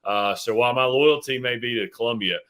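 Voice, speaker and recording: A man's voice: medium pitch, fairly quick, a bit bright. A man in his thirties, a mayor, answering interview questions earnestly with frequent fillers and restarts. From Tennessee. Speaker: city mayor, guest.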